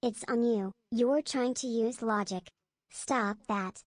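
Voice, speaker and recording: A woman's voice: fairly high pitch, slow pace, dry recording, clean studio sound. A woman reading chat messages in a plain, matter-of-fact way.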